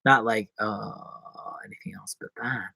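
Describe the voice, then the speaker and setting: A man's voice: lowish voice, fairly even intonation, moderate pace, gravelly, bright, forceful tone, dry recording. A man live-streaming from his apartment, chatting in a rambling, jokey, self-mocking way. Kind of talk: casual live-stream chat. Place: apartment in New York.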